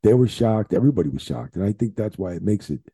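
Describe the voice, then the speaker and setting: A man, a veteran referee guest on a podcast, telling profane, animated road stories in casual chat. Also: fairly low pitch, quick pace, husky, no echo.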